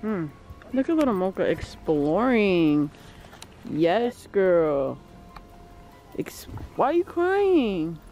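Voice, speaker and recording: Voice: mid-range voice, sing-song, takes it slowly, long pauses, a little mellow, soft background music. A vlogger walking through woods with a handheld camera, exclaiming and calling to pets. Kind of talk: casual outdoor walking vlog. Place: outdoors in woods.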